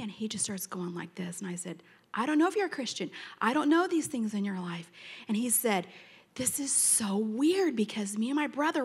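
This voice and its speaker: A middle-aged woman telling a chatty, animated testimony to a congregation, acting out both sides of her conversations. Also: sits high. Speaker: church member giving testimony.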